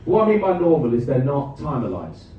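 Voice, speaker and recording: Stand-up comic, lively and echoey. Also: male voice, a little high, phone-quality sound. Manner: chatty crowd work, quick asides to the audience. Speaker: stand-up comedian. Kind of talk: stand-up comedy set. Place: comedy club stage before a live audience. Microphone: handheld stage microphone. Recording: far-off echoey club recording with noise.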